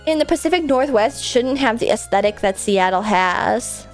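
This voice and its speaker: A woman's voice: on the high side, animated, moderate pace, faint music behind. A woman streamer chatting casually with a stuffy, congested nose, rambling and laughing often. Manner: rambling, filler-heavy, frequent laughs.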